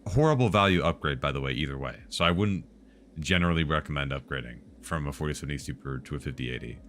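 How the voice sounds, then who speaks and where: A man's voice: extremely low pitch, animated, quick pace, fairly bright tone, slight background noise. A man streaming live, chatting casually about tech and answering viewers' questions in a rambling, joking way.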